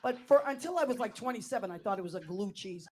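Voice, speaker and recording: An older woman hosting a show, telling stories in an animated, chatty way with quick asides and restarts. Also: medium pitch, slight background noise. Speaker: host. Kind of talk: casual storytelling chat.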